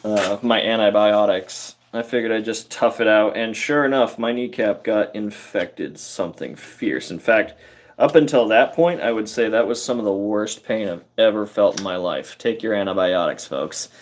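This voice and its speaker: A man hosting a carpentry livestream, telling a story in a rambling, halting way with many fillers and chuckles. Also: on the low side. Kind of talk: casual storytelling while working.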